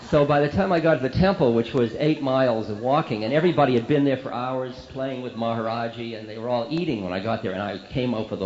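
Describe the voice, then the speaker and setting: A spiritual teacher telling a story to an audience in a candid, self-mocking, animated way. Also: male voice, medium pitch. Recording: roomy, dull lo-fi recording.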